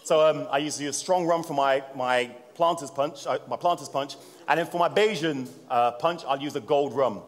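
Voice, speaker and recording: A man's voice: on the high side, moderate pace, hardly any pauses. A man giving a live cocktail demonstration at a trade-show seminar, talking in a jokey, chatty way and addressing the audience as he mixes drinks. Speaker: bartender presenting a seminar. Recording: long hall reverb.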